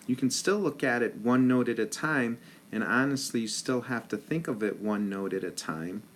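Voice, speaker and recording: A man's voice: medium pitch, normal speed, slight background noise. A man teaching a rhythm lesson as a band director, patiently counting rhythms aloud in ta syllables.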